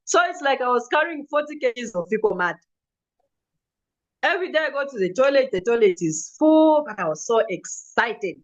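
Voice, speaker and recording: A woman telling her own story as a vivid, animated testimonial. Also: high voice, muffled recording. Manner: vivid storytelling with acted quotes and laughs. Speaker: customer giving a testimonial.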